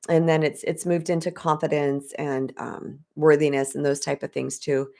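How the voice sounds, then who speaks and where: A middle-aged woman coaching her viewers live, answering chat messages as they come in. She talks straight to her audience, emotional and animated. Her voice sits a little low for a woman. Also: moderate pace, gravelly. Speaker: spiritual empowerment coach. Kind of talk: live-stream talk reading chat.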